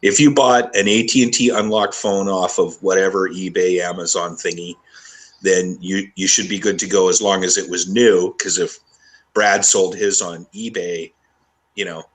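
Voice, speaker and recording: A man's voice: low-pitched, fairly even intonation, normal speed. A man co-hosting a tech podcast in casual chat, wisecracking and asking for clarification. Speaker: podcast co-host.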